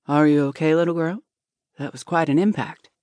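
A woman voicing a confident, silver-haired older man who speaks gently and softly in a storybook reading. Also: fairly even intonation, brisk, dry recording, close to an everyday voice. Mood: gentle. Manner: gently corrects, soft and low.

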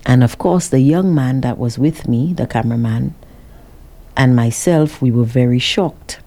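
A woman vlogger telling her viewers a dramatic story, with an animated, expressive delivery. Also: rumbling low, a little slow. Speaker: vlogger working with a cameraman.

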